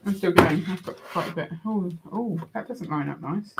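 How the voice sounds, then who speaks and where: A woman's voice: fairly low pitch, normal speed. A woman co-hosting a livestream, chatting and thinking aloud as she builds. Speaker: co-host. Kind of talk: casual chat while building. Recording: noticeable background noise, home livestream.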